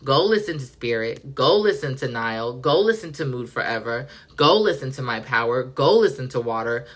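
A woman's voice: extremely low pitch, animated, moderate pace. A woman hosting a podcast in casual pop culture chat, effusive and profane, acting out quotes dramatically. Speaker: podcast host.

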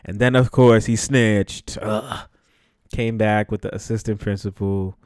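A young man from the Bronx, New York, hosts his podcast and tells a story casually, swearing freely, laughing often and keeping things loose. His lowish voice has a steady, darkish tone and a measured pace. The recording is dry, with clean studio sound.

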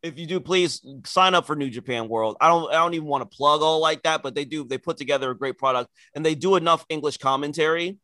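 A man co-hosting a casual talk show, chatting loosely and working himself up into loud, excited rants. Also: fairly high pitch, fast talker, few pauses, no echo. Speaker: podcast co-host. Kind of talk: casual chat.

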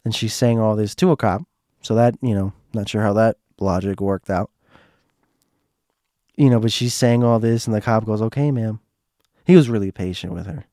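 A man hosting a podcast, telling a casual anecdote in a rambling, animated way and jumping higher when he quotes himself. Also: normal speed, no room sound, studio quality. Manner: animated, rises in pitch when quoting himself; rambling, with many fillers. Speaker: podcast host.

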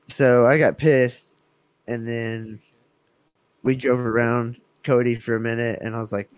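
A man's voice: medium pitch, flat delivery, a little slow, smooth, dry recording. A young man on a podcast, telling a road trip story in casual chat, swearing and laughing as he acts out the people in it. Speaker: podcast co-host.

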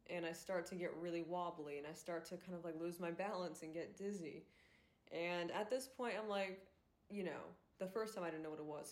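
A young woman hosting a solo podcast, talking candidly and rambling with many fillers. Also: fairly low pitch. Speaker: podcast host and influencer. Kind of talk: casual solo podcast monologue. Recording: roomy echo.

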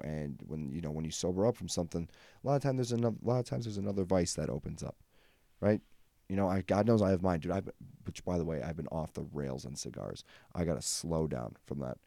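A man's voice: very deep voice, a little fast, creaky, dark tone, no echo. A young man hosting a comedy podcast alone, rambling through stories with lots of fillers and self-deprecating jokes. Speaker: podcast host. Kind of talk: solo comedic rant.

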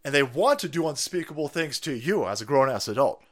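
A man's voice: mid-range voice, lively intonation, fairly quick. A middle-aged man hosting a political livestream, ranting in a combative, profane way and laughing often. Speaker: livestream host.

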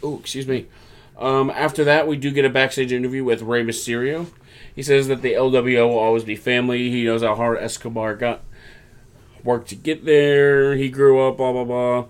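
A man's voice: medium pitch, fairly even intonation, normal speed, clean tone. A man casually recapping a wrestling show, breaking into mocking voices to quote the wrestlers. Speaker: podcast co-host.

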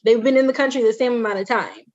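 A woman co-hosting a casual podcast chat, telling family stories in an animated way. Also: a little high, quick pace, dull audio. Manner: animated storytelling, mimics relatives' voices. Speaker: podcast co-host.

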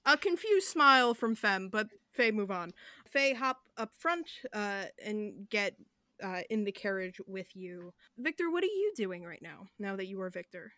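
A woman's voice: medium pitch, very animated, a little slow, sharp tone, dry recording, studio quality. A woman narrating a tabletop game as game master, describing scenes at length with fillers.

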